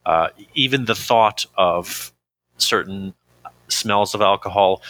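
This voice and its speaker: A man's voice: on the low side, takes it slowly, bright, forceful tone. A man speaking as an interview guest, reflective and hesitant, with many fillers and easy laughs. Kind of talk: candid conversational interview.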